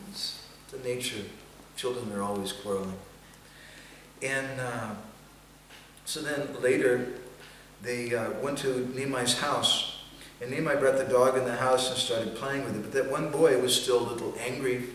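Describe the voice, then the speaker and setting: A man giving a seminar talk, telling a devotional story in a gentle storytelling manner, recorded from far off in a festival hall. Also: medium pitch, steady tone, measured pace, slight background noise. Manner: gentle storytelling, occasional chanting. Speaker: seminar speaker. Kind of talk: storytelling sermon.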